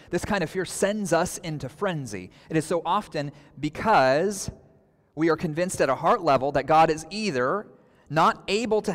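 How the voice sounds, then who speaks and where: A man's voice: on the high side, fairly bright tone. Man preaching in an echoey hall. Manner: earnest preaching with dramatic pauses and quoted outbursts. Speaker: pastor. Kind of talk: sermon.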